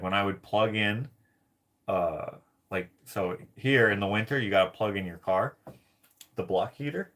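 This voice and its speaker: A man's voice: fairly low pitch, fairly bright tone. A man telling a rambling personal story to camera, laughing often and filling his talk with "like". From Canada. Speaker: vlogger.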